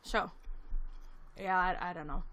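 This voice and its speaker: A woman's voice: lowish voice, fairly even intonation, measured pace, pushed and bright, muffled recording. Chatty young woman livestreaming. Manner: chatty storytelling with frequent laughs and fillers; snacking and reading chat aloud. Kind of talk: casual livestream chat. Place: indoors at her computer. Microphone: camera on a selfie stick.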